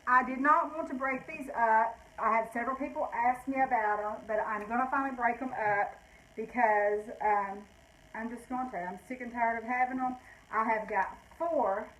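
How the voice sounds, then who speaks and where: An older woman, short of breath, chats casually through a live sale, showing off items from her vintage shop, rambling and correcting herself as she goes. Her voice is fairly high, and the rough recording carries some hiss or hum.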